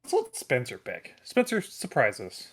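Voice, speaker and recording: A man co-hosting a podcast, animated and jokey, often breaking into laughter. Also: mid-range voice, moderate pace. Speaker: podcast co-host. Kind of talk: casual chat.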